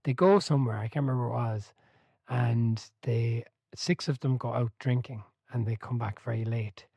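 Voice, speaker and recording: A man co-hosts a relaxed podcast chat about a football biography, with a voice in the usual middle range for a man. He tells stories with energy, laughing as he goes and swearing now and then. The sound is dry and close, with no room to it. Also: mid-range voice, moderate pace, vocal fry, slightly rough, no echo. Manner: animated storyteller, swears, laughs mid-sentence. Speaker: podcast co-host.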